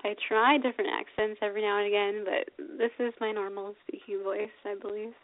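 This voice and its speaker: A woman's voice: medium pitch, normal speed. A young woman hosting a call-in radio show, laughing often and trailing off into ums as she chats. Her voice comes through a thin, tinny phone line. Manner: giggly, chatty, hesitant with many ums. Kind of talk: casual call-in interview.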